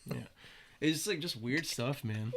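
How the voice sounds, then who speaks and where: A man's voice: medium pitch, animated, a little slow, a bit bright, slight background noise. A young man, a podcast guest, casually telling stories with plenty of swearing and acted-out quotes. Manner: laid-back, swears freely, acts out quoted voices. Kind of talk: casual storytelling interview.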